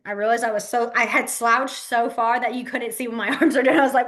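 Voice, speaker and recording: Female teacher, lively and giggly, acts out examples, slightly high voice, webcam call. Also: quick pace, few pauses. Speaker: sign language teacher. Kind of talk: online class instruction. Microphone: webcam mic on a video call.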